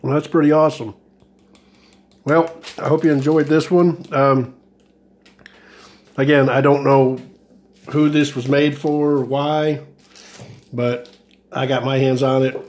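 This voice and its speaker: A man talks through a ration tasting for his regular vlog audience. His pitch stays flat and even throughout, and he rambles along hesitantly, stopping to restart sentences and filling gaps with ums and uhs. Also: measured pace, long pauses. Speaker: ration review vlogger. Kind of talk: casual food review vlog.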